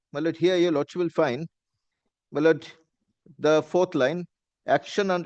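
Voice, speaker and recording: Saying "my lord" over and over, a man with an Indian English accent makes a formal courtroom argument as an advocate. The recording has no echo, and his slightly high voice has a darkish tone.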